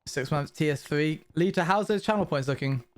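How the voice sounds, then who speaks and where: A young British man streaming live, chatting casually and answering his viewers' questions in quick, upbeat bursts. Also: fairly high pitch. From Britain. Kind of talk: casual livestream chat with viewers.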